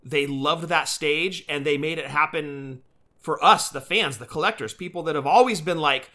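Bright, high-voiced podcast bro. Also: male voice, moderate pace. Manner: enthusiastic, says "dude" a lot. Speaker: podcast co-host. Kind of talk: casual podcast chat.

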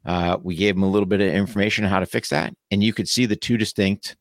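A lower-pitched man chatting in a relaxed, conversational way about teaching shooting classes. He leans on "you know" as he talks, and the sound is dry and close to the mic. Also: fast, no echo. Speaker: firearms instructor and podcast co-host. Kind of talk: casual chat.

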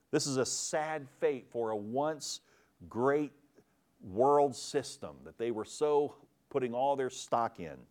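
A male pastor preaching an expository sermon in a church, animated and emphatic, jumping from sudden shouts to hushed asides. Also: medium pitch.

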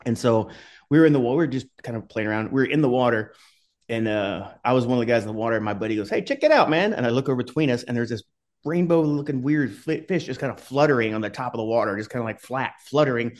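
A man's voice: mid-range voice, fast, darkish tone. A middle-aged man, a podcast guest, telling rambling stories in casual talk, swearing and laughing along the way. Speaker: podcast guest, former Army skydiver. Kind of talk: casual storytelling.

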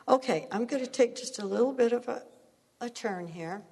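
A woman's voice: on the high side, normal speed, creaky, a little mellow, breathy edge, big-room sound. A woman preaching a sermon, telling stories earnestly and laughing at herself now and then.

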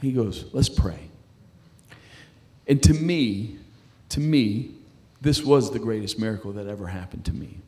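This middle-aged man has a mellow voice on the low side and an expressive delivery as he shares his faith testimony. His telling is halting, full of stumbles, repetitions, and restarts.

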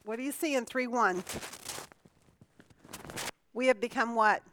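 A woman's voice: a little high, unhurried, noisy background. A woman teaching a conversational Bible lesson. She asks the class questions, answers them herself and often restarts her sentences.

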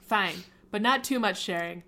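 A woman voicing an earnest, lovesick middle-aged dad in an amateur read-aloud story. The lines come out animated and emphatic, with the reader barely changing her own voice. Her voice sits at a middling pitch. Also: moderate pace.

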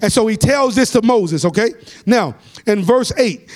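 A man preaching a Bible study as a pastor, rising into shouts and sung phrases and calling for amens. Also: high voice, animated, normal speed.

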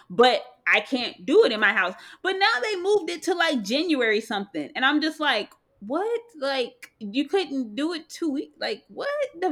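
A woman co-hosting a casual chat, animated and rambling. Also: high-pitched. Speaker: podcast co-host.

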